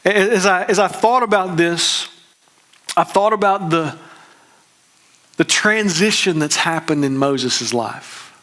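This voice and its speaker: A man, preaching a conversational, emphatic sermon as a pastor with quick restarts. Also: sits high, sharp tone.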